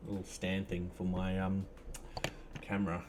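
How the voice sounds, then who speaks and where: A man's voice: low voice, completely flat delivery, a little slow, background noise. A man live-streaming his coding, chatting casually and thinking aloud with lots of fillers. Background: faint music and keyboard typing.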